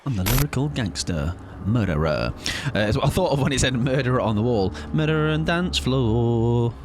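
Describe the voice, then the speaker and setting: A man chatting away on a game stream, playful and rambling with frequent little chuckles. His pitch swings all over the place, and faint ambience hums in the background. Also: animated, brisk, a little hiss or hum. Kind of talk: casual live-stream chat while gaming.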